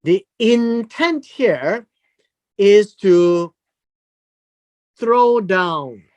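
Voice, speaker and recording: A Bible teacher working slowly through a passage, stretching out key words with an unhurried pace. The pitch rises and falls a great deal, and points are driven home with emphatic repetition. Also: expressive, darkish tone, muffled recording. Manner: deliberate, emphatic, explains word meanings with repetition.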